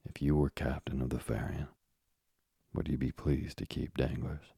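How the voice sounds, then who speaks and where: A man reading the part of a kindly, fatherly old ship owner in a gentle way. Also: extremely low pitch, little pitch movement, moderate pace, gravelly, slightly rough, dry recording, clean studio sound, exaggerated voice. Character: elderly male ship owner, kindly and paternal.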